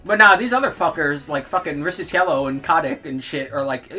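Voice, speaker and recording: Bright-voiced, profane young woman ranting. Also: mid-range voice, sing-song, fairly quick, hardly any pauses, soft background music. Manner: profane, heated, laughs while ranting. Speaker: streamer. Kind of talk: ranting livestream commentary.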